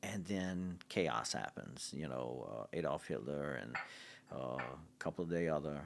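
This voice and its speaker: A middle-aged man, a podcast guest telling a story in casual conversation, halting with fillers and restarts. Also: rumbling low, gravelly. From Louisiana, USA. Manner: halting, many restarts and fillers, grows excited. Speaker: podcast guest, city public relations director.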